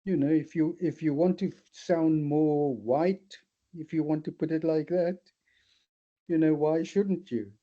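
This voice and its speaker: Older male therapist, very dark mellow voice, thoughtful and animated, dull lo-fi sound. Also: a little high, measured pace. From South Africa. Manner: thoughtful, animated, with many restarts. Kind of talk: reflective discussion. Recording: slightly dull lo-fi audio.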